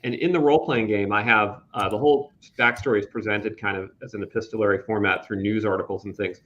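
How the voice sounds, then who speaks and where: A man describing his game in a relaxed, conversational way. His voice sits somewhat low, and the stream audio is dull and lo-fi. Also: fast. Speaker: game designer. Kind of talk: casual chat.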